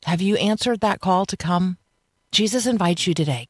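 An earnest radio host leads a devotional teaching, pressing listeners with rhetorical questions. The voice sits at a middling pitch and comes through a dry studio mic with no room echo. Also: normal speed.

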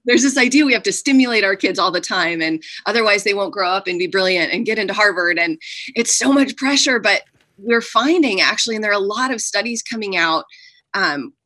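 A woman's voice: medium pitch, animated, a little fast, sharp tone, dry recording. A woman in her thirties, an author talking earnestly and with animation as an interview guest, often adding "like" and "right". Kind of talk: conversational interview.

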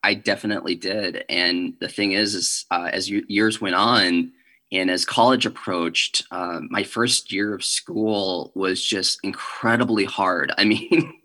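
A young man, a guest in an interview, telling a personal faith story in an earnest, halting way with nervous little laughs. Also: low voice, fairly even intonation, pushed and bright.

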